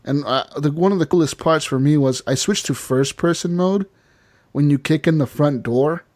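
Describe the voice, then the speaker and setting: Male podcast co-host, slightly high voice, animated profane recapper who acts out characters' lines. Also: normal speed. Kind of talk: casual profane game recap chat.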